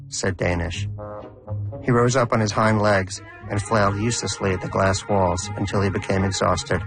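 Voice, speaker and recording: A man narrating a story in a measured, dry storytelling manner. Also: fairly low pitch, steady tone, vocal fry, fairly bright tone. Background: music.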